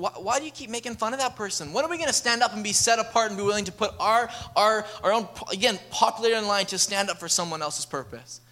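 A man's voice: very high-pitched, fast, hardly any pauses, pushed and bright. A young man preaching an earnest sermon that builds to emphatic appeals. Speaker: pastor.

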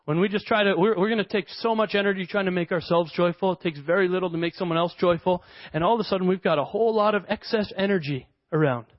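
A male pastor preaching a sermon, telling stories in an animated way and laughing often. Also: sits high, quick pace, no room sound. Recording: dull lo-fi dry sound.

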